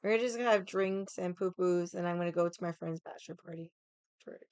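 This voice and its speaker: A woman's voice: on the low side, a little fast, darkish tone, clean tone, no echo. A young adult woman streamer chatting casually with her viewers, rambling and swearing often. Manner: rambling, swears a lot, many likes.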